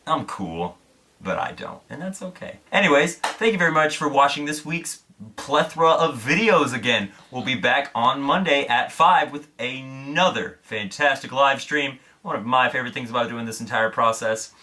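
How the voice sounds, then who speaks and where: A man's voice: mid-range voice, moderate pace, sharp tone. A young man from Indiana, a vlogger telling a story to camera in a candid, self-deprecating way, swearing freely.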